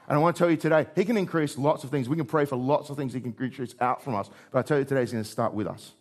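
A man preaching a sermon as pastor, moving between raised, emphatic lines and low, quiet ones. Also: racing, few pauses.

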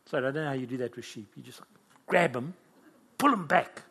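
A man's voice: medium pitch, brisk, vocal fry, fairly bright tone, husky. A man preaching a sermon with fervent, emotional delivery.

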